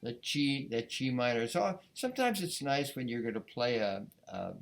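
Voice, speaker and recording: A man giving a beginner violin lesson, talking in a gentle, explanatory way, often restarting words and sometimes singing out counts. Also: mid-range voice, lively intonation, normal speed, gravelly, soft background music. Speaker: violin teacher. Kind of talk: casual instructional talk.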